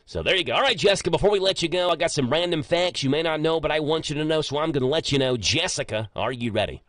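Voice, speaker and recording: A man, hosting a casual morning radio show and chatting in a joking, animated way. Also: fairly high pitch, fast, no room sound, studio quality. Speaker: radio host. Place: radio studio. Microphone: studio microphone.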